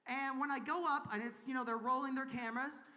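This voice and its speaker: A woman's voice: sits high, fairly even intonation, fast talker, pushed and bright. A woman from Kentucky doing a crude, self-mocking stand-up comedy set on a convention main stage, laughing at her own jokes. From Kentucky, USA.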